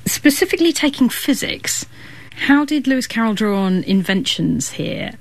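A woman's voice: a little high, lively intonation, normal speed, dry recording. A woman hosting a radio science show, introducing segments and asking curious questions. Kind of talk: radio presenting and interviewing.

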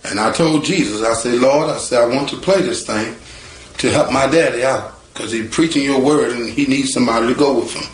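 A man telling a personal story in a casual, animated way, acting out the voices of the people in it. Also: mid-range voice, brisk. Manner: animated, acts out quoted voices, laughs. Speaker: storyteller guest. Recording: echoey room with guitar music.

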